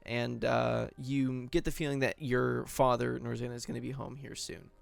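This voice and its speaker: A man's voice: mid-range voice, flat delivery, normal speed, creaky, faint music behind. A man narrating a tabletop game as game master, setting scenes loosely with plenty of fillers.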